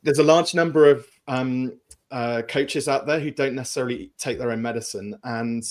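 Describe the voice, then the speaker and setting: A man co-hosting a panel talk, speaking in an animated, joking and frank way. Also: medium pitch, moderate pace.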